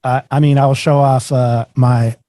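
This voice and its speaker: A man co-hosting a casual interview chat, talking in a relaxed, fan-like way. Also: mid-range voice, measured pace, no room sound. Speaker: co-host.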